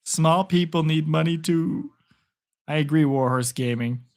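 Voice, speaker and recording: A streamer at home calls a game's plays live and chats with viewers, rambling and addressing them directly. His phone, propped on a picture frame, picks up a fairly high, slightly mellow voice that moves a little slowly.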